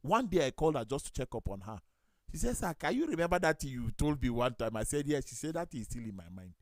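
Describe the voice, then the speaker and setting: Lively Nigerian man telling stories. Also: mid-range voice, quick pace, dry recording, studio quality. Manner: storytelling, acts out quoted voices, lively. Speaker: talk show host and pastor. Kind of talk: studio talk show chat, telling anecdotes.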